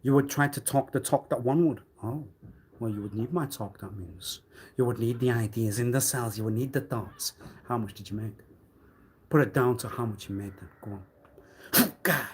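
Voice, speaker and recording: A man on a live stream delivering a rambling, accusatory monologue, swinging between loud outbursts and low muttering. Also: normal speed, slight background noise. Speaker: livestreamer.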